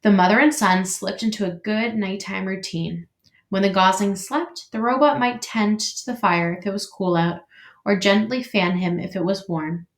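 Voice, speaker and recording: A teacher reading a children's book aloud in an expressive, measured way. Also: female voice, medium pitch. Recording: echoey room.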